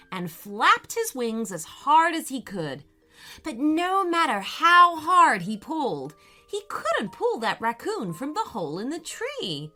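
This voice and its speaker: A woman gently and expressively narrating a children's bedtime story. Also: high-pitched.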